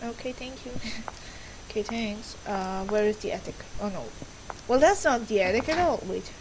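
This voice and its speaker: A woman's voice: mid-range voice, lively intonation, normal speed, noisy background. A woman giving casual let's-play commentary on a horror game, reading its text aloud, laughing often and swearing over game music.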